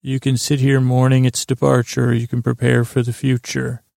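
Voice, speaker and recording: A man quoting a scheming, smooth-talking male lord in his own measured voice. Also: medium pitch, completely flat delivery, darkish tone, dry recording, clean studio sound, natural voice.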